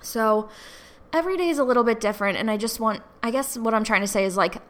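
A young woman in her twenties hosts a casual solo podcast, her bright, crisp voice rambling along with plenty of "like" fillers. She sounds tearful, as if she has been crying. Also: on the high side, fast talker. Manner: rambling, chatty, many "like" fillers. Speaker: podcast host.

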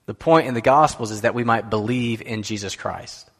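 A man's voice: lowish voice, moderate pace, a bit bright. A man giving a sermon as pastor, in a conversational way that puts questions to the listeners. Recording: long hall reverb.

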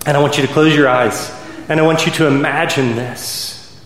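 A man preaching a sermon as pastor, rising to impassioned peaks and dropping to soft, quiet stretches. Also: mid-range voice, steady tone, a little fast, reverberant, long reverb tail, slight background noise. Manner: builds to impassioned, soaring climaxes then drops soft.

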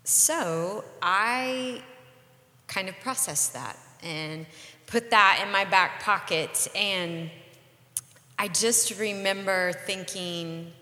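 Co-host: woman in her 40s, bright and earnest, candid storyteller, roomy reverberant sound. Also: mid-range voice. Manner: earnest, reflective, measured. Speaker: podcast co-host.

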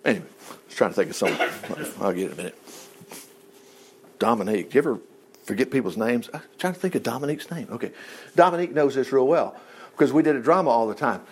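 A man's voice: medium pitch, lively intonation, quick pace, pauses often, slight background noise. A man teaching a Bible lesson in a casual, folksy way, full of asides and rhetorical questions.

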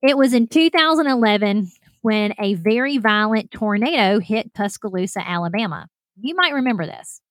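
A woman's voice: mid-range voice, lively intonation, moderate pace, no echo, clean studio sound. A woman, hosting a podcast and telling a self-deprecating personal story straight to her listeners. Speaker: podcast host.

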